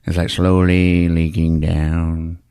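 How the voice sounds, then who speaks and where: A man's voice: sits low, little pitch movement, slow pace, dark tone, smooth, no echo, studio quality. A man on a podcast recapping a film casually, telling it animatedly and laughing often. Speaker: podcast host.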